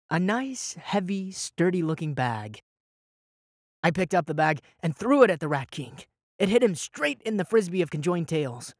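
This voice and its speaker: A man's voice: a little high, no room sound, studio quality. A man narrating a first-person audiobook in a dramatic, wry way.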